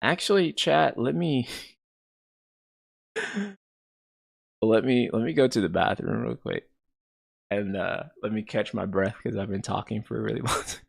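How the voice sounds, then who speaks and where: A man in his thirties talks casually to his stream chat, with a low voice and a gravelly rasp. He rambles along, filling his sentences with "you know" and "like". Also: animated, unhurried, long pauses. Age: 30s. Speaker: streamer host. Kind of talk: casual livestream commentary.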